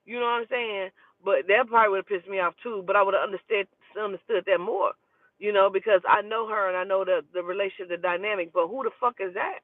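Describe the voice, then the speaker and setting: A woman telling a personal story in a casual, profane and animated way. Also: mid-range voice, no echo. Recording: tinny phone-like dry recording.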